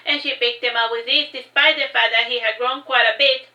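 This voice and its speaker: A woman's voice: a little high, steady tone, brisk, pushed and bright, highs cut off. A woman reading her own novel aloud in a casual manner, often correcting herself and adding chatty asides. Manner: reads with frequent self-corrections and chatty asides. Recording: roomy echo.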